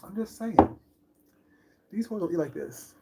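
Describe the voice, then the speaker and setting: A man's voice: high-pitched, lively intonation, unhurried, gravelly, very noisy. A middle-aged man in a casual live-stream chat as a food vlogger, talking in a sassy, boastful, flamboyant way.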